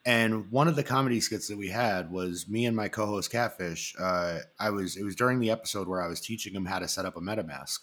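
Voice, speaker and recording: A male podcast host tells stories in a loose, rambling way, full of ums and restarts. His voice sits on the low side. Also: a little fast, few pauses, fairly bright tone. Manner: rambling storyteller, many fillers and restarts, acts out quotes. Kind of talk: casual chat.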